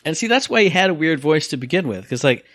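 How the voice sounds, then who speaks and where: A man co-hosting a casual gaming podcast, telling stories with lively acted-out quotes and sound effects. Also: fairly high pitch, quick pace. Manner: animated storyteller, acts out quotes and sound effects. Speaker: podcast co-host.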